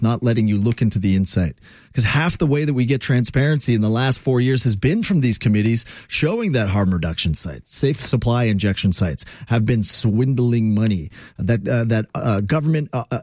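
A man's voice: medium pitch, darkish tone, no room sound, clean studio sound. A male radio host talking politics in an emphatic, rambling, opinionated way.

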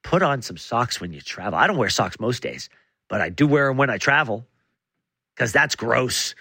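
Sarcastic animated man with a bright voice. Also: medium pitch, moderate pace, vocal fry, no room sound. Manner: sarcastic, mock-serious. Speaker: radio show co-host. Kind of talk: comedic banter.

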